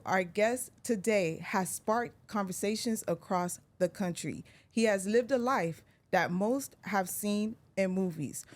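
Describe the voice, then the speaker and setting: A woman's voice: mid-range voice, darkish tone. A woman hosting a podcast interview in a playful, teasing manner. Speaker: podcast host.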